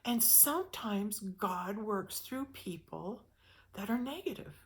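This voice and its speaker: A woman's voice: medium pitch, lively intonation, takes it slowly. Woman giving a meandering spiritual talk. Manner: reflective, meandering, with frequent restarts. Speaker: spiritual speaker.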